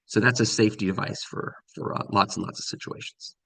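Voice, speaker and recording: A man's voice: fairly low pitch, steady tone, brisk, creaky, bright, forceful tone, dry recording. A middle-aged man giving a casual conference talk from slides, with many ums and restarts. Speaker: conference presenter.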